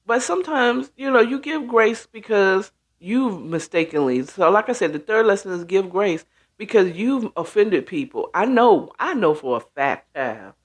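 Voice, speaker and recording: Animated woman talking slowly and expressively. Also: mid-range voice, husky. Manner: emphatic, conversational, acts out quoted reactions. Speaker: host. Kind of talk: casual talk show monologue.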